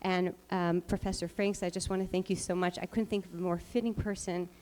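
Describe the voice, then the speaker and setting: A woman's voice: fairly low pitch, little pitch movement, brisk, darkish tone. A woman speaking at an evening event, telling a personal family story, with ums and restarts.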